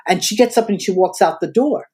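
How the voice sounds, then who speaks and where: A woman's voice: medium pitch, brisk. A woman in her seventies from the United States, a guest in an interview, telling a story and acting out the dialogue she quotes. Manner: animated storyteller who acts out quoted dialogue.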